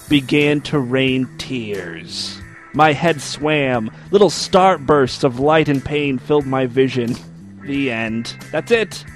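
A man hosting a comedy show, reading a story aloud and breaking off to mock it with sarcastic asides. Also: mid-range voice. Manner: sarcastic, wisecracking, laughs at the text. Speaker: host. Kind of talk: comedic reading with mocking commentary.

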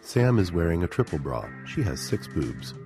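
A man reading a scripted audio story, flatly reading out stage directions. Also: sits low, moderate pace. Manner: flat, reads stage directions. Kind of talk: scripted narration. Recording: guitar music behind.

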